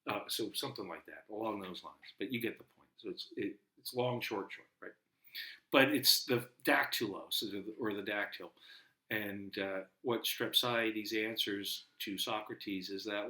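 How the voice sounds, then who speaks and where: Guy professor lecturing, lowish voice but bright and forceful, lots of uhs and restarts. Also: a little slow. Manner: rambling, self-correcting, frequent fillers. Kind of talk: recorded lecture.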